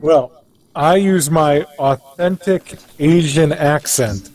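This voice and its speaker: A man co-hosting a let's play, making slow, deadpan, jokey remarks in casual chat. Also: fairly high pitch.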